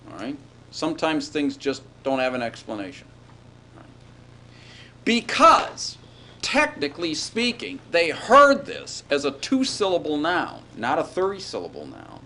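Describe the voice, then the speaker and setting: A man's voice: on the high side, huge pitch swings, a little slow, a bit bright. Man lecturing, checking in with "all right?". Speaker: Hebrew grammar lecturer. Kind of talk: classroom lecture. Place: classroom.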